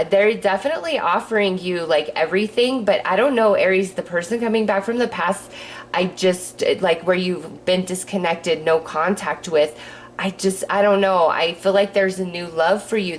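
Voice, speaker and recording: A woman talks through a tarot reading in a loose, chatty way, looping back on herself and filling pauses. Her voice sits a little on the low side. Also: slight background noise. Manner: chatty, rambling, full of fillers. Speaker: tarot reader. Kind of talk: casual tarot reading monologue.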